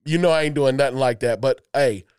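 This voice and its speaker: A man hosting a casual podcast chat, animated and teasing. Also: medium pitch, a little fast, clear, resonant tone. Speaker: podcast host.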